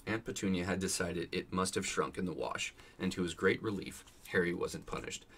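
A man's voice: sits low, normal speed, fairly bright tone, husky. A man casually reading a novel aloud, voicing the characters and dropping crude asides. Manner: reads character lines in varied voices, swears in asides. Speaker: vlogger reading a book aloud.

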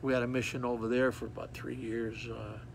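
Gravelly folksy male preacher. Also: medium pitch, a little fast, slight background noise. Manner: folksy, repetitive, animated storytelling with acted child cries. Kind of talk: sermon.

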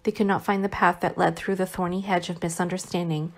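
A woman narrating a novel aloud in a measured, plain reading. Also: lowish voice, flat delivery. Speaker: audiobook narrator.

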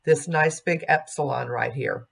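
A woman teaching a music diction lesson, speaking slowly and carefully and modeling sung vowels and words aloud. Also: very deep voice, gravelly, breathy edge.

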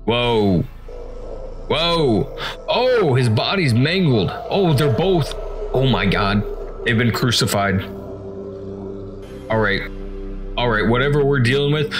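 A gaming YouTuber talks his viewers through a horror game. His voice sits in a middle range, and he reacts in a jumpy, excitable way. Game music runs clearly underneath him. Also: medium pitch, slow pace, long pauses. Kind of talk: let's-play commentary.

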